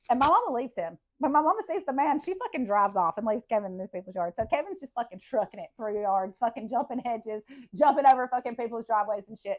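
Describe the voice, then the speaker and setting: Laughing, foul-mouthed woman storyteller. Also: fairly high pitch. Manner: profane, laughing, animated storytelling. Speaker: podcast host. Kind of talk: casual storytelling.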